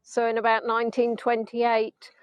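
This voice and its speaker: A woman with a bright, high voice talks through a live virtual tour from a beach at sunset, filming on a phone on a gimbal. She rambles cheerfully and mocks herself with playful asides. The sound is dry and close, with no room echo. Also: completely flat delivery, normal speed, highs cut off. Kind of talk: chatty live tour commentary.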